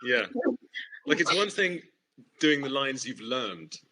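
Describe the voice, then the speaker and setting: A man's voice: mid-range voice, big pitch swings, takes it slowly, bright, forceful tone, rough recording. An English man, an actor guest on a video-call panel, chatting in a self-deprecating way and laughing as he talks. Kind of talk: casual panel chat.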